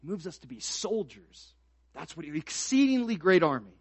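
A man preaching a sermon to a congregation, swinging from quiet reflective lines to loud emphatic peaks, with casual asides and fillers. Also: on the high side, very animated, normal speed, husky, dry recording. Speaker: pastor.

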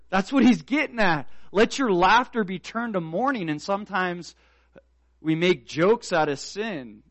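A man delivers a sermon with earnest conviction. He presses his points through repeated, emphatic questions and calls. His voice sits somewhat high, recorded close and dry with no room sound. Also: lively intonation, a little slow, dry recording. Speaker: pastor.

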